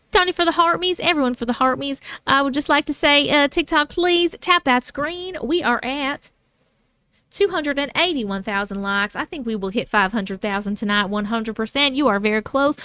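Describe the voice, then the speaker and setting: Bubbly high-voiced Long Island woman. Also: sharp tone, no echo. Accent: Long Island New York. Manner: bubbly, chatty, thanks viewers by name. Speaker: livestream host and story reader. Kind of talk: casual livestream chat with viewers.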